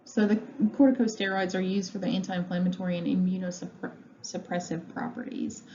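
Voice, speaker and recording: Woman, pharmacy instructor, mellow tone, recorded lecture at home, filler-heavy delivery, muffled lo-fi sound, faint background noise. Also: lowish voice, little pitch movement, normal speed. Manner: conversational, many ums and uhs. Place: home room. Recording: dull lo-fi audio with faint noise.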